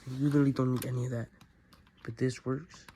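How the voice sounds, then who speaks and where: A man casually showing off a toy set he built himself, narrating with bursts of excitement and sound effects. His voice sits at an ordinary pitch. Steady background noise and keyboard clicks sit behind him. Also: fast. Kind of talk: casual show-and-tell. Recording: noisy room with keyboard clicks.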